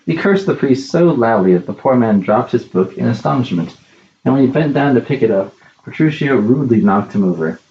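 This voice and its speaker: A man narrating a classic story in a measured, plain reading. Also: mid-range voice, expressive, darkish tone, reverberant, muffled recording.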